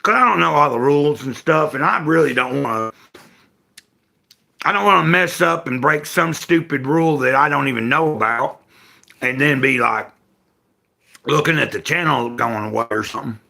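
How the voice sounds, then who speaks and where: A man's voice: mid-range voice, moderate pace, vocal fry, bright, forceful tone. An older man from Tennessee with a Southern accent, chatting casually and rambling with his live-stream viewers from home. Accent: Southern American. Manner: rambling, self-correcting, folksy. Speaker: livestream host.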